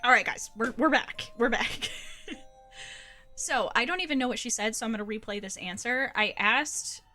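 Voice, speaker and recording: Woman streamer from Ohio, casual gaming chat, giggly and foul-mouthed, a touch high-voiced. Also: normal speed, pushed and bright, soft background music. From Ohio, USA. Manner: giggly, chatty, swears casually.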